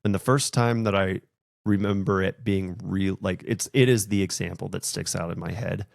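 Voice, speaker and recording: Gravelly low-voiced man telling a story. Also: fairly even intonation, normal speed, no echo, clean studio sound. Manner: reflective storytelling, emotional at times. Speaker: podcast host. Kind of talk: casual podcast conversation.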